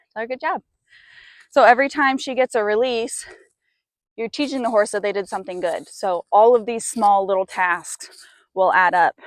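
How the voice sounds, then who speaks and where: A woman's voice: a little high, dry recording, clean studio sound. A woman horse trainer talking through a training session on a clip-on mic, chatting to viewers and cooing praise to her horse. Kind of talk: mic'd-up training commentary. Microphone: clip-on mic while working a horse.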